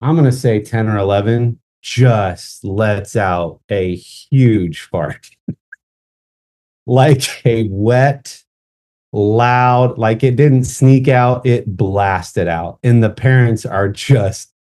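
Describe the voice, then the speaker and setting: A man co-hosting a podcast, telling a story in a casual, animated way and acting out the people in it. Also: on the low side, very slow. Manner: animated storyteller, acts out quoted voices. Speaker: podcast co-host.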